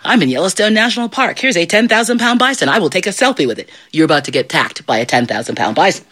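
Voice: mid-range voice, fast. A middle-aged storyteller telling a folk tale live to an audience, playful and quizzing the listeners. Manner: animated, playful, asks the audience questions.

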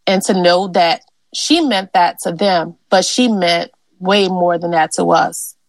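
A woman's voice: on the low side, unhurried, dry recording. A woman from Louisiana, a genealogist and interview guest, telling family stories in an earnest, conversational way with lots of fillers. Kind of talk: personal storytelling in an interview.

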